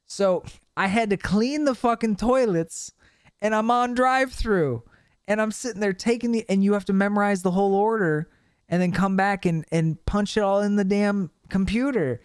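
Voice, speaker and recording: A young man hosting a podcast, telling stories in a casual, animated way with plenty of swearing. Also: sits high, moderate pace, smooth, dry recording, clean studio sound. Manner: animated storytelling with profanity. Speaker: podcast host. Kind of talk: casual chat.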